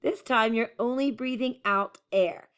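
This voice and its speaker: A woman teacher giving a children's phonics lesson, speaking clearly and encouragingly as she models letter sounds. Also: on the high side, unhurried, a bit bright.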